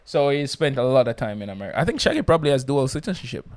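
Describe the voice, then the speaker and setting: A man's voice: mid-range voice, sing-song, racing, a little mellow. Laid-back Jamaican-born male podcast host. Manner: laid-back, laughing, repeats himself. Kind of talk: casual chat.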